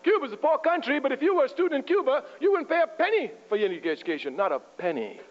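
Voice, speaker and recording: Fiery high-voiced man lecturing. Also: sing-song, quick pace. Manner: emphatic, provocative, chuckling often. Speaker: political speaker. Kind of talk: fiery lecture to a live audience. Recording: muffled lo-fi with faint mains hum.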